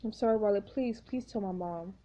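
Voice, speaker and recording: A woman's voice: medium pitch, brisk, warm tone, close to an everyday voice. A woman voicing a desperate, remorseful teenage boy in a story game, pleading and tearful. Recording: dull lo-fi recording.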